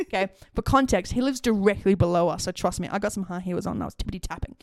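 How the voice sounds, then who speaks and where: A woman's voice: medium pitch, expressive, fairly quick, no room sound, clean studio sound. A young woman telling a story in casual chat, laughing often and swearing. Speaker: podcast co-host.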